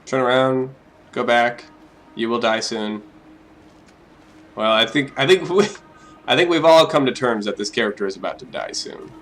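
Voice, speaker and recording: A man's voice: medium pitch, moderate pace, long pauses, fairly bright tone. A young man joking his way through a game as let's play commentary, talking to himself with mock drama. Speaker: gaming YouTuber.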